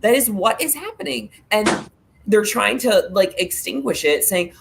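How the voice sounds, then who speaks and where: A woman's voice: fairly high pitch, expressive, unhurried, creaky. Passionate indignant woman co-host. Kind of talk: casual panel chat.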